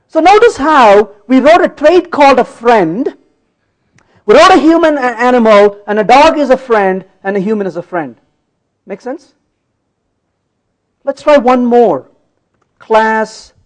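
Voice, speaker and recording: High-pitched, lively playful tech speaker. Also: male voice, slow pace, pauses often, poor audio. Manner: playful, teasing the audience, asks frequent checks. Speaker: conference speaker. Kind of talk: live-coding tech talk. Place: conference hall.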